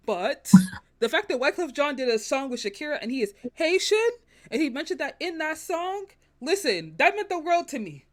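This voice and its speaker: Fired-up woman critic on a podcast. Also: fairly high pitch. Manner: passionate and emphatic, ranting opinions. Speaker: podcast guest, film critic. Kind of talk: casual podcast chat.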